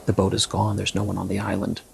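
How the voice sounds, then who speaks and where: A man voicing an anxious male traveler who worries in a hushed, half-whispered way, with a gravelly, husky voice. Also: low voice, monotone, fast talker, a little hiss or hum. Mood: panicked.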